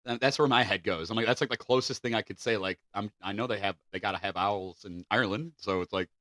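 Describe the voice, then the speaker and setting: A man's voice: fairly low pitch, quick pace, a bit bright, dry recording. A man co-hosting a podcast, reading facts from notes and then joking around casually. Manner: joking, loose, swears casually. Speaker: podcast co-host.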